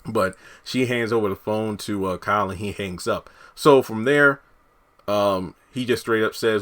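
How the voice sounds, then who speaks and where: Low-voiced man rambling through an episode recap. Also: measured pace, a bit bright. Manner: rambling, many fillers and restarts. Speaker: TV episode reviewer.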